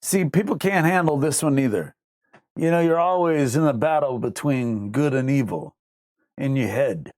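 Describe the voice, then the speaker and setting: A man's voice: medium pitch, moderate pace, a little mellow, no echo, studio quality. A man hosting a casual livestream, rambling and reading out viewer comments. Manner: rambling, conversational, drops into mock voices. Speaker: livestream host.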